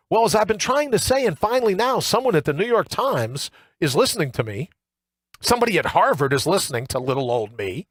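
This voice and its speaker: A man hosting a morning talk show in a studio, ranting in an animated, colloquial monologue full of asides. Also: high voice, no room sound. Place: radio studio. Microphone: studio microphone with earpiece.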